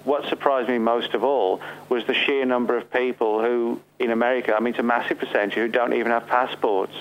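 A man with a mid-range voice and a steady tone talks a little fast over a lo-fi recording with slight hiss or hum. He's an author from Staffordshire, England, with a Midlands accent, appearing as a remote interview guest. He rambles loosely, full of fillers and restarts.

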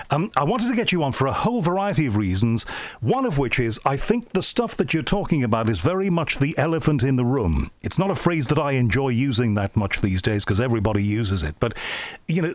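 A man's voice: mid-range voice, dry recording. A man from Liverpool with an English accent, hosting a radio and podcast show, reading out listener emails and chatting in a conversational, thoughtful way with frequent ums. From Liverpool, England. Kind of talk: reading listener emails on air, then interviewing a guest.

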